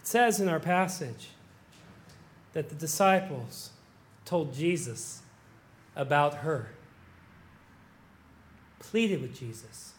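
A middle-aged man preaching a sermon as pastor, moving from quiet musing to loud, impassioned pleading as he acts out prayers. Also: a little high.

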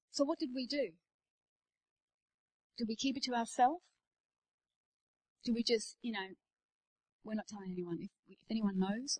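A woman in her forties giving a conversational sermon to church leaders, telling personal stories, moving between hushed asides and emphatic declarations. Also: fairly high pitch, rough recording. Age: 40s. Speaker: pastor speaking at a leadership day.

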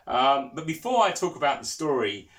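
A man preaches a sermon in a medium-pitched, very animated voice at normal speed with a fairly bright tone. He tells stories and asks the congregation questions.

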